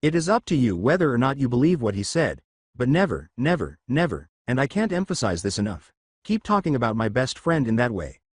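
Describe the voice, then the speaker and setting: A man reading the part of a weary, coolly menacing teenage boy who keeps his tone level and impartial. The voice sits at a middle pitch and moves with lively swings, recorded dry and close. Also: brisk, slightly rough, no echo.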